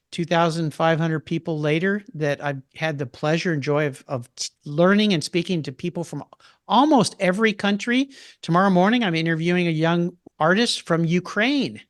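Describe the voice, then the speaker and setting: Older man, podcast guest; eager storyteller, slightly high pitch. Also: normal speed, dry recording, clean studio sound. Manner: enthusiastic, storytelling. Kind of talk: casual interview chat.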